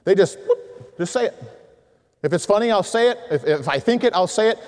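High-voiced preacher in a reverberant hall. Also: male voice, a little fast. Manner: storytelling, animated, acts out voices in anecdotes. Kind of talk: sermon to men.

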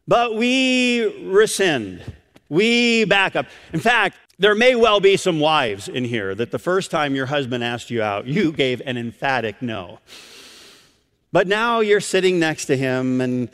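A man's voice: a little high, big pitch swings, a little slow, fairly bright tone. A man preaching a sermon to a congregation, with emphatic stress and acted-out quotations. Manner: emphatic, repeats words for stress, acts out quoted lines. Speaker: pastor. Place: church sanctuary with congregation. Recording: long reverb of a church hall.

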